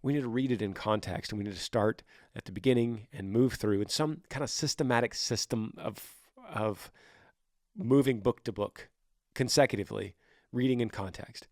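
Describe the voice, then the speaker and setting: A man in his thirties hosting a faith podcast, answering a listener in earnest, animated casual talk with frequent restarts, sometimes acting out quoted voices. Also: mid-range voice, moderate pace, no room sound, studio quality. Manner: frequent restarts and repeated words. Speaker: podcast host.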